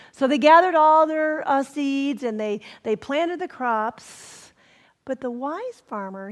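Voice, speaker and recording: A woman reverend tells a parable in a sermon, her voice pitched somewhat high. She speaks gently and drops to a near whisper to stress a point. Her words ring out with a long reverb in a large hall. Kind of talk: sermon storytelling. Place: spiritual center hall.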